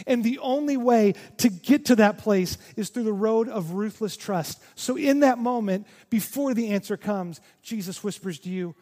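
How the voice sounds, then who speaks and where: Brief: male pastor, high voice, earnest sermon delivery, echo of a church hall. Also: darkish tone. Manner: earnest, repeating words when emphatic.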